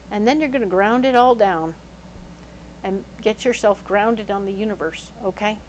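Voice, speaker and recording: A woman giving a casual tarot reading, animated and playful, breaking into sudden exclamations. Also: medium pitch, slight background noise, poor audio. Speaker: tarot reader.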